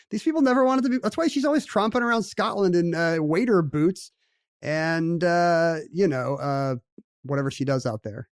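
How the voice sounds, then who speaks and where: Wry, jokey man with a slightly high voice. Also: normal speed, no room sound, clean studio sound. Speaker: podcast co-host. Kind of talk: casual chat.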